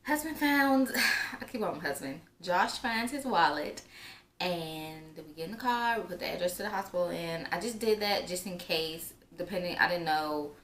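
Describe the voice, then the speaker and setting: A woman's voice: lowish voice, lively intonation, moderate pace, a bit bright. A young woman telling a personal story in a casual, chatty way, with lots of filler words. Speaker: vlogger. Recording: roomy echo, faint background noise.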